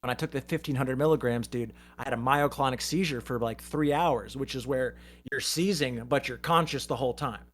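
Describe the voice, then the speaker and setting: A man's voice: mid-range voice, a little fast, hardly any pauses, fairly bright tone. A man hosting a podcast, telling long, profane anecdotes in casual chat. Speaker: podcast host. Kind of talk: casual storytelling.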